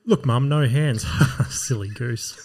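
A man's voice: mid-range voice, takes it slowly, vocal fry, darkish tone, slight background noise. A man with an Australian accent voicing a smug, goofy lawn-mowing influencer in a parody vlog voice-over, with mock-upbeat patter. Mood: cheesy.

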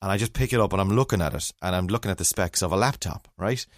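Low, rambling Irish man telling a story. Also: rapid-fire, dry recording, studio quality. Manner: rambling, self-mocking, acts out other voices. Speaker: podcast co-host. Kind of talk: casual storytelling chat.

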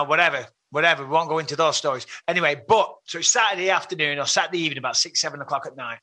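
A man with an English accent, a podcast guest telling a long story in casual chat and acting out his own remarks in a raised voice. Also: fairly high pitch. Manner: animated, acts out his own quotes with rising voice.

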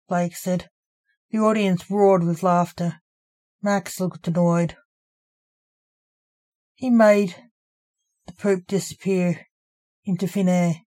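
Slow, mellow-voiced woman reading her story. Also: lowish voice, fairly even intonation. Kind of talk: storybook narration.

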